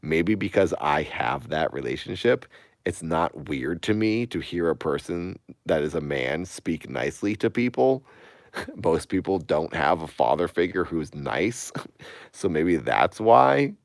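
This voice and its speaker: A man's voice: a bass voice, sing-song, measured pace, dry recording, clean studio sound. A man in his late thirties chatting casually on a live stream, rambling and growing emphatic and incredulous. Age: 30s.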